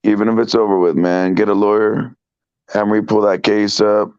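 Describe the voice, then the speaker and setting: A man who is sick and hoarse, talking in an emphatic, slangy way as a guest on a trucker livestream. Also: fairly low pitch, flat delivery, normal speed, a little mellow, lo-fi sound. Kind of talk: casual livestream chat.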